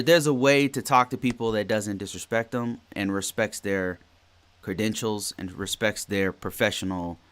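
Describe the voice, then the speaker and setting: A man's voice: fairly low pitch, bright, forceful tone. A man in his forties hosting a podcast, telling a work story in a rambling way, often repeating and restarting phrases. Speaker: podcast host. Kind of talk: casual solo podcast talk.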